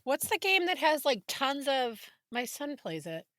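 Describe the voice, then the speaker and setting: Woman, podcast host, slightly high bright voice, playful, excitable, casual chat. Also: a little slow.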